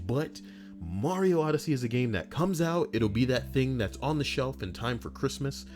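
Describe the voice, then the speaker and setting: A very animated male reddit story reader, medium-pitched and a little mellow, reads online stories at a normal speed. He throws in profane, offhand commentary, rants, and laughs at his own jokes while faint music plays behind him.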